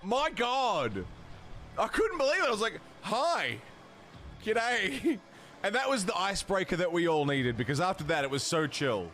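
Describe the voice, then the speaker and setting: A man's voice: sits high, sing-song, normal speed, bright, forceful tone, slight background noise. A man chatting casually on a gaming livestream, swearing freely and laughing at his own stories. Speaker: streamer. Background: background music.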